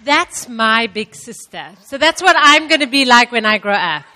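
A woman's voice: fairly high pitch, expressive, moderate pace, bright, forceful tone, long reverb tail, some chatter behind. A woman thanking the previous speaker from the front of a church gathering.

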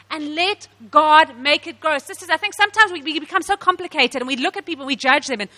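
A woman from South Africa giving a sermon to women, telling stories with animated laughs. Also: very high-pitched, a little fast, few pauses, in a large hall. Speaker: women's ministry speaker.

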